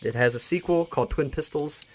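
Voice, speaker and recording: A man's voice: a little high, fairly quick, darkish tone, slight background noise. A man hosting a live stream, closing it in an earnest, thankful way and often restarting his words. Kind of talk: casual live-stream sign-off.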